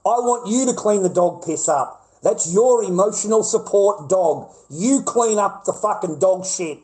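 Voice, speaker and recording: A man's voice: high-pitched, animated, unhurried, a little mellow, rough recording. A middle-aged Australian man ranting profanely on a livestream. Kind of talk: livestream rant.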